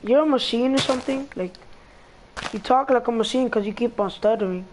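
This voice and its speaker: A man's voice: extremely high pitch, a little fast, a little hiss or hum. A man in casual gameplay chat, brash and profane, trash-talking his friends in a party chat. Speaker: gamer chatting in party chat.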